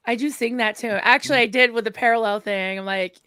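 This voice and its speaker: A woman's voice: a little high, moderate pace, fairly bright tone, dry recording. A woman co-hosting a casual live-stream chat, telling stories in a chatty way. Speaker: co-host.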